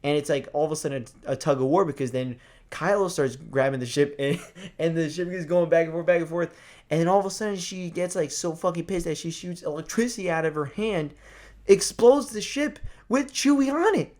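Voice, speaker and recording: A young man giving a casual movie review, excited and profane, rambling with lots of restarts. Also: fairly high pitch, a little fast.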